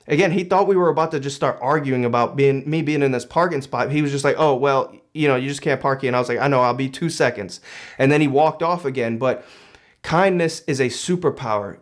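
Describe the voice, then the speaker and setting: A young man reads short passages aloud and then talks them over in a relaxed, chatty way, full of "you know" and "like.". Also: a little high. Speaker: book commentator. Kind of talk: casual reading and commentary.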